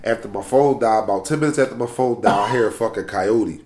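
A young man, telling a profane, animated story in casual slang. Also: lowish voice, fast, heavy background noise. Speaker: storyteller in podcast chat. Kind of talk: casual chat. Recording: roomy echo.

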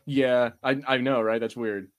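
A young man hosting a podcast in casual chat, animated and quick to curse, his pitch jumping when he gets excited. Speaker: podcast host.

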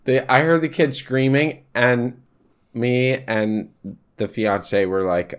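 A man's voice: medium pitch, animated, slow, clear, resonant tone. A young man co-hosting a podcast, chatting casually and laughing often at his own jokes. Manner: laughs often, jokey banter. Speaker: podcast co-host. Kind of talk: casual chat.

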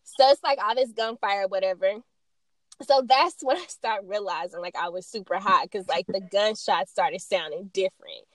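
A young woman co-hosting a podcast, telling a story in a lively way, laughing and swearing as she acts out her friends. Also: medium pitch, normal speed, dry recording. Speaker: podcast co-host. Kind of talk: casual chat, storytelling.

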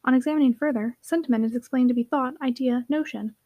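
A woman voicing a schoolboy who speaks slowly and quietly with still, dry irony. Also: high voice, no room sound, muffled recording. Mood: dryly ironic. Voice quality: slow, quiet, ironic. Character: boy, slow quiet dry ironic speaker.

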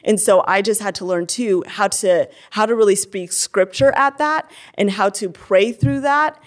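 A woman's voice: mid-range voice, moderate pace. A young adult woman giving a candid personal testimony as an interview guest, talking earnestly with many fillers and restarts.

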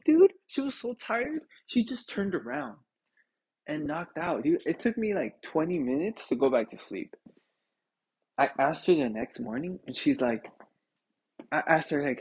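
A young man with a husky voice rambles through a casual podcast rant, swinging his pitch up and down as he tells stories. He swears freely, laughs at his own jokes and keeps throwing in "dude.". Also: moderate pace. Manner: animated, swearing, laughing often, says dude a lot. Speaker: podcast host.

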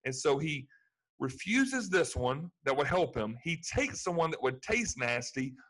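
A man's voice: fairly high pitch, very animated, unhurried, fairly bright tone, rough recording. A man preaching a sermon, earnest and building to emphatic peaks. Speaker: pastor.

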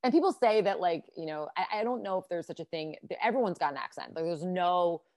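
A woman from central Connecticut chatting casually as a podcast co-host, quick and full of fillers. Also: lowish voice, lively intonation, a little mellow, no room sound. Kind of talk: casual chat.

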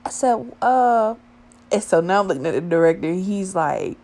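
A woman's voice: mid-range voice, animated, moderate pace, darkish tone. A woman in her twenties telling a casual, profane story with lots of slang.

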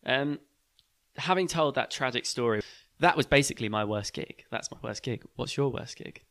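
A man's voice: mid-range voice, normal speed, fairly bright tone. A young man hosting a podcast, telling a story in a rambling, chatty way full of fillers. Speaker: podcast host. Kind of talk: casual storytelling chat.

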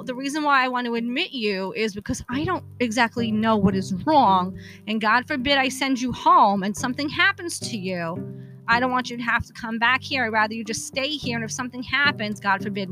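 Podcast host, female, bright and somewhat high voice, casual and profane, acts out the people she quotes. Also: brisk, soft background music. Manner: candid, profane, animated retelling with quoted dialogue. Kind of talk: casual storytelling monologue.

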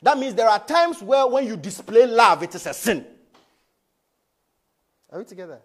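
A man with a strikingly high voice preaches to his congregation. His pitch leaps up and down as he swings from loud, forceful emphasis to hushed asides. He keeps checking in with the congregation as he talks. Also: big pitch swings, normal speed. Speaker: pastor. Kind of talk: sermon. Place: church.

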